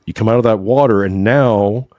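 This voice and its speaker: A man's voice: on the low side, moderate pace, no room sound, dull audio. A man talking earnestly and in a preachy way about faith in a podcast conversation, often adding "right?" to his points. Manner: emotional at times. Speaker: podcast guest. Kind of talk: conversational religious discussion.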